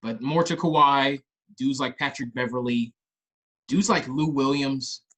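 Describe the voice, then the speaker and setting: A young man from Los Angeles co-hosts a casual comedy podcast. His voice is husky, and he talks in an animated way, breaking into loud high impressions of others. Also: unhurried, low-quality recording. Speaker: podcast co-host. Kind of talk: casual chat.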